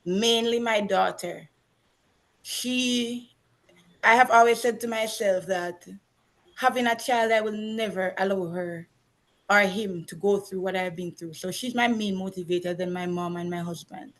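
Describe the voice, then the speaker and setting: A woman's voice: medium pitch, fairly even intonation, unhurried. A woman from Jamaica with a Jamaican accent, a teacher speaking earnestly as a guest in a casual interview.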